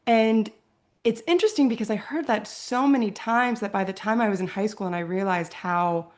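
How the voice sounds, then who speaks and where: A woman's voice: medium pitch, normal speed. Earnest woman guest, tag questions. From Virginia. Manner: earnest, often ends with "right?". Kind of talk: reflective interview talk.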